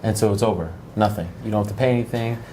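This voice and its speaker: Fast-talking male interviewer. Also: fairly low pitch, warm tone, a little hiss or hum, rough recording. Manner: short, quick questions. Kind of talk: casual interview.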